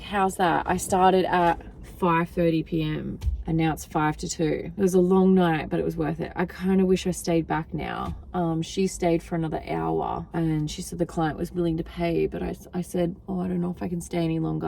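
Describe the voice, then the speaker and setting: A woman's voice: low voice, vocal fry, darkish tone. A tired young woman vlogging casually in her parked car at night, chatty and rambling, talking into her phone. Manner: chatty, rambling, many fillers. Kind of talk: casual chat. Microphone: phone camera.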